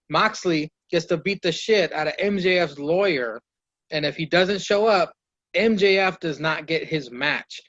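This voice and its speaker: A man's voice: on the high side, fairly bright tone. Man recapping wrestling on a lo-fi podcast. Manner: loose, swearing play-by-play recap with impressions of wrestlers. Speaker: podcast host.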